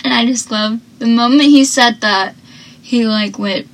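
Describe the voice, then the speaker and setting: A woman's voice: fairly high pitch, unhurried, low-quality recording. A woman chatting casually through a TV episode recap, full of "like"s and acting out the characters' lines. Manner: chatty, many "like"s, acts out quotes.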